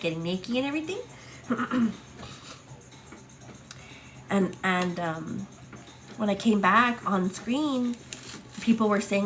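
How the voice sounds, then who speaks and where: A young woman hosting a morning livestream, telling a personal story in casual chat, full of "like" and "girl", acting out quotes in a higher voice. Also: slight background noise. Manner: chatty, many fillers, acts out quotes with high excited pitch. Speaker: livestream host.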